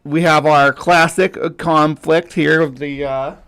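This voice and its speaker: A man's voice: on the high side, steady tone, measured pace, a bit bright. Rambling man hosting a livestream. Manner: rambling, loose with fillers and restarts. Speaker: host. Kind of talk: casual livestream chat.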